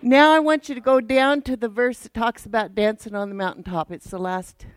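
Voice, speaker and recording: A woman's voice: fairly high pitch, fairly even intonation, fairly quick, smooth, dry recording. A woman Bible teacher giving a casual, teasing and direct church lesson to a worship team.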